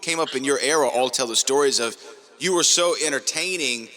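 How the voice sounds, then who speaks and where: An easygoing man co-hosts a podcast in relaxed, conversational talk. His voice is strongly bright and sits at a middle pitch. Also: a little fast. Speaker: podcast co-host. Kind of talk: casual podcast chat.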